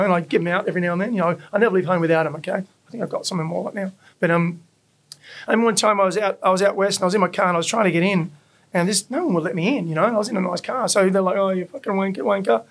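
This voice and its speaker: A man's voice: high voice, creaky. An Australian man who owns a burger restaurant, chatting in a casual interview, swearing freely and acting out the voices in his stories. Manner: animated storyteller, swears freely, acts out quoted voices. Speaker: burger restaurant owner, guest.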